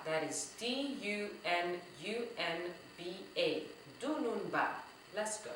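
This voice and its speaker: A woman teaching a children's drumming lesson, speaking slowly and encouragingly and chanting words loudly syllable by syllable. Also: mid-range voice, animated, heavy background noise. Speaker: teaching artist. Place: room full of drums. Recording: echoey room, voice a bit far from the mic.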